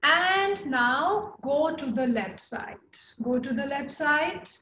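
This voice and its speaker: Indian english woman, yoga instructor, high voice, unhurried cues, echoey room, faint noise. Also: animated, sharp tone. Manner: encouraging, coaching by name, slow cues. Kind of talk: live online chair yoga class.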